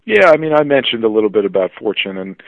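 A man's voice: lowish voice, sing-song, fast talker, no echo. A man telling stories as a podcast guest, enthusiastic and full of fillers and restarts. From New Jersey. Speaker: podcast guest, publishing executive. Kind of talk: conversational interview storytelling. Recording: dry, phone-like narrow line.

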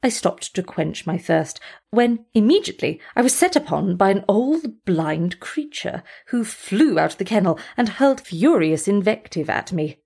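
A woman's voice: mid-range voice, big pitch swings, creaky, darkish tone, slightly rough. Woman reading a storybook aloud. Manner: measured, formal first-person reading. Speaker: audiobook reader. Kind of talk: storybook narration.

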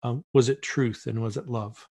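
A man's voice: medium pitch, fairly even intonation, normal speed, warm tone, breathy edge. A middle-aged man as a podcast guest, telling a story in casual conversation and acting out the voices he quotes, with many restarts.

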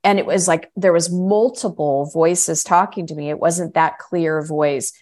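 A middle-aged woman, a coach and energy healer, telling her story in a lively conversational way and acting out other people's lines. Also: unhurried. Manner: acts out quoted voices with big pitch jumps.

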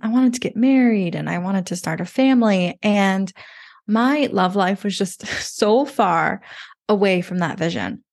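A woman's voice: medium pitch, lively intonation, measured pace, gravelly, darkish tone. A woman in her thirties, a podcast guest, telling her story in a chatty way with lots of "like" and quoted thoughts. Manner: chatty, lots of "like", relives moments in quoted inner voice. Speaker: podcast guest, dating coach. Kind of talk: casual interview storytelling.

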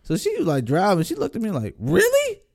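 A man's voice: high voice, quick pace. A man telling stories in a casual chat, laughing often. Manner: animated storytelling, laughs often.

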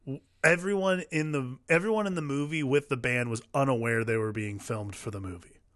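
Rambling mid-pitched man, dry sound. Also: a little fast, a bit bright, dry recording. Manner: rambling, many fillers and restarts. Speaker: podcast co-host. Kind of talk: casual film-review chat.

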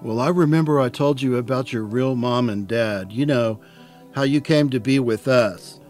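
A man voicing a steady foster father who talks in an earnest, insistent way. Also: medium pitch, normal speed, soft background music, natural voice. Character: steady, sure-of-himself older foster father.

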